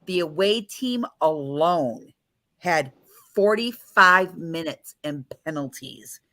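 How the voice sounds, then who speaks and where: A woman's voice: fairly low pitch, takes it slowly, dry recording, clean studio sound. A woman hosting a casual livestream, telling a story and acting out what people said. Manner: animated, acts out quoted people. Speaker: livestream host.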